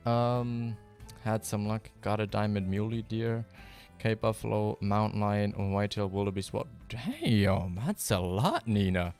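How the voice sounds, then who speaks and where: A man whose first language is German, chatting casually with viewers on a live stream in a fairly monotone, rambling way full of fillers. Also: fairly low pitch, unhurried, faint music behind. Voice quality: fairly monotone, even delivery. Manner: relaxed, rambling, with many fillers and restarts.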